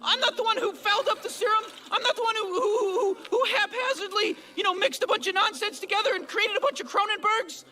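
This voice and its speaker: A man's voice: very high-pitched, fast, hardly any pauses, bright, forceful tone, exaggerated voice. An actor voicing an anxious, easily flustered teenage boy in a cartoon, who stammers when he is nervous. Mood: defensive. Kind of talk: cartoon voice acting.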